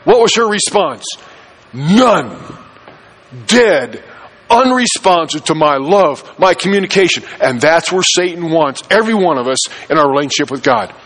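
A man's voice: fairly high pitch, fairly bright tone, low-quality recording. A man preaching a sermon as pastor, emphatic, repeating key phrases and firing rhetorical questions at the congregation.

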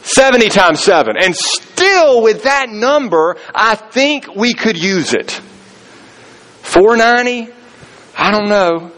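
A man's voice: high voice, animated, slow pace, fairly bright tone, rough recording. A man preaching a sermon in a conversational storytelling way, acting out the voices of people he quotes. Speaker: pastor.

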